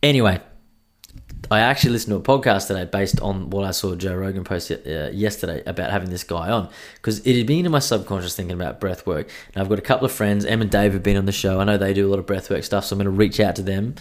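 A man's voice: sits low, fast talker. A young man hosting a podcast, congested from a cold, rambling casually and swearing a lot. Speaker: podcast host. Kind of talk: casual solo podcast chat.

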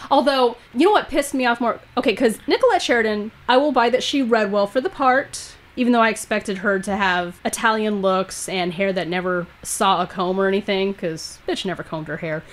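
A woman's voice: medium pitch, moderate pace, hardly any pauses. A woman co-hosting a podcast in casual chat, blunt and profane, mocking as she talks. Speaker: podcast co-host.

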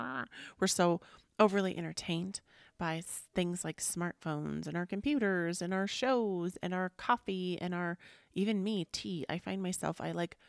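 A woman with a low, gravelly voice hosts a relaxed spiritual podcast, talking in a rambling, chatty way that drifts into soft near-whispers. The sound is close and dry, with no room around it. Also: no echo. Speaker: podcast host. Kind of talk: casual spiritual talk.

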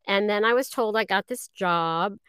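Middle-aged woman, interview guest; halting, modest delivery, very dry close sound. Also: mid-range voice, fairly bright tone, smooth, no echo. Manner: halting and self-deprecating, many fillers. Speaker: guest voice actress. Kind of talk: casual interview chat.

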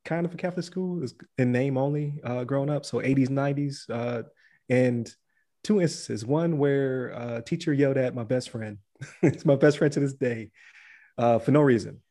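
A man's voice: mid-range voice, moderate pace, warm tone. A man in his forties, a podcast co-host, telling a story in casual chat and laughing as he goes.

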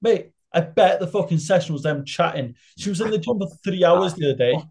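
A man's voice: sits high, expressive, brisk, darkish tone. A man co-hosting a coaching podcast, telling stories in exasperated, sweary casual chat.

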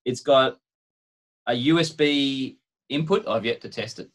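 An Australian man chatting on a tech podcast, rambling from one point to the next with plenty of jokes. His voice sits at an everyday middle pitch, and he talks like a relaxed co-host. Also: a little slow. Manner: joking, rambling storyteller. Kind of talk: casual chat.

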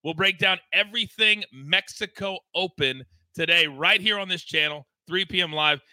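Male betting-show host; high, piercingly bright, pumped-up promo delivery in a dry room. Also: moderate pace, no echo. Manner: hyped, promotional, emphatic. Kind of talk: energetic sports betting show chat.

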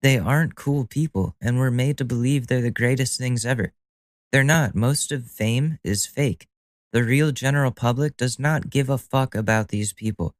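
A man's voice: medium pitch, moderate pace, no echo. A man hosting a solo podcast in a casual monologue. He is profane and sardonic and laughs at his own jokes. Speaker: podcast host.

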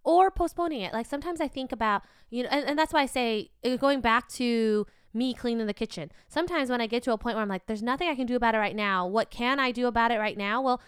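A woman in casual podcast chat, enthusiastic and quick to agree, sharing her own habits. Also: a little high, clean tone, no echo, clean studio sound. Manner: enthusiastic, frequent affirmations.

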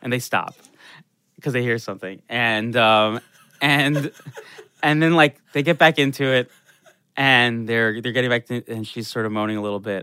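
A young man telling a profane, animated story in casual chat, full of restarts and "like". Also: mid-range voice, moderate pace, a little hiss or hum.

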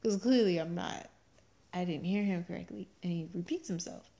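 A pregnant woman co-hosting a casual chat, telling animated stories and laughing often. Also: on the low side, moderate pace. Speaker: podcast co-host.

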